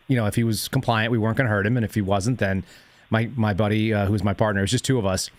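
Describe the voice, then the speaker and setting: A man's voice: fairly low pitch, steady tone, fast, no room sound. A man hosting a call-in show, chatting casually and telling rambling stories, laughing as he goes. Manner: rambling storyteller, laughs through his stories.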